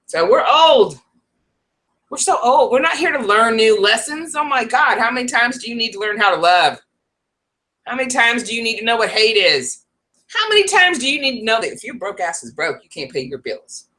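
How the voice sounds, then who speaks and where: A woman's voice: on the high side, sing-song, normal speed, bright, forceful tone. A woman hosting a casual live stream from home, chatty and laughing often between restarts. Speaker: psychic livestream host.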